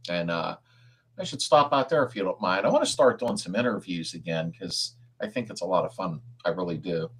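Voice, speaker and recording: Husky laid-back man hosting a chat. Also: deep voice, expressive, brisk, fairly bright tone. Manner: laid-back, chuckles often, answers car questions. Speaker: host of a live chat stream. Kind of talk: casual live-stream chat, reading viewer comments.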